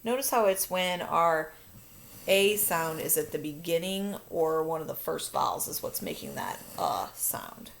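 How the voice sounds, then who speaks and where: A woman teaches a phonics lesson, explaining each step patiently for her video. Her voice is a little low and gravelly. A faint hum sits behind her. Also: lively intonation, unhurried. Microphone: recording her own video lesson.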